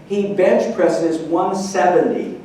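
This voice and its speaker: A middle-aged man giving a motivational speech, telling a story in an animated, earnest way to a meeting. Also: high-pitched, takes it slowly, slight background noise. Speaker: keynote speaker. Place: large meeting hall. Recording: echoey hall from far off.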